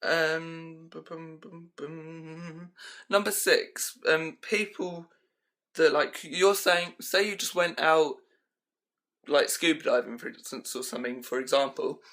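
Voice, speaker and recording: In no hurry, a young vlogger works through his pet peeves in a casual, rambling rant stuffed with "um" and "like." His fairly high voice sounds pushed and bright, and the clip was recorded at home on a handheld camera.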